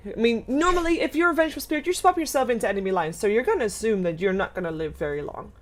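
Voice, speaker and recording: A young woman casting a live esports match, giving quick, excitable play-by-play and laughing along. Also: fairly high pitch. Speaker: esports caster. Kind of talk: live game commentary.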